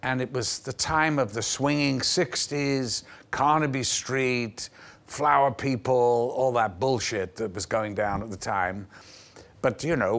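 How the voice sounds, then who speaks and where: An older man recalls his career for a TV interviewer in a television studio. His voice sits mid-range, and he slips into other people's voices as he tells his stories. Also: mid-range voice. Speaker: actor guest. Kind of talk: anecdotal storytelling in a TV interview.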